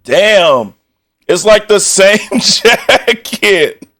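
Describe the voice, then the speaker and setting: A young male streamer laughing his way through casual reaction commentary, peppering it with swearing and jokes. His voice sits a little high for a man, and he talks in an unhurried, drawn-out way. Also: very animated, sharp tone. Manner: laughing often, swearing, joking banter.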